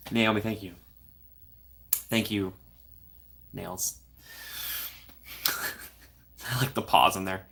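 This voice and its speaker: A man's voice: on the low side, steady tone, drawn-out words, gravelly, pauses often, bright, forceful tone, slight background noise. A young man hosting a casual livestream, playfully reading and answering viewer comments and laughing often. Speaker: livestream host.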